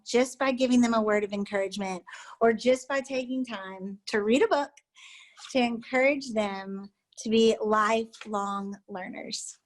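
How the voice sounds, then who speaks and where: A woman giving an encouraging talk on a video call, pausing often with "um". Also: fairly high pitch, poor audio. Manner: warm, encouraging, many "um" pauses. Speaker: guest speaker. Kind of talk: presentation and reading a children's book aloud.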